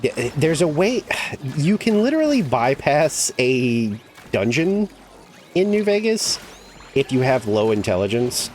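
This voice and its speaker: A man's voice: mid-range voice, big pitch swings, a little slow, darkish tone, slight background noise. A man streaming a game, chatting casually and rambling with lots of "like" and casual swearing. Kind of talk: casual chat while gaming.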